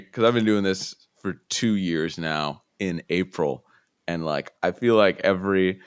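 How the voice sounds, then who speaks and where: Young guy guest rambling on, real low voice, dry close sound, lots of likes. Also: smooth, no echo. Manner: rambling, filler-heavy, animated in quoted bits. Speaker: guest, guitar YouTuber. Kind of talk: casual interview chat.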